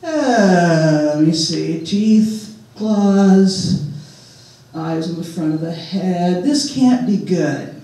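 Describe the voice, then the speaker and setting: A man voicing a small, nervous male mouse deer, a quick-witted trickster who stammers when scared. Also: sits high, animated, mellow, full character voice. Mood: wary. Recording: echoey hall, voice from far off.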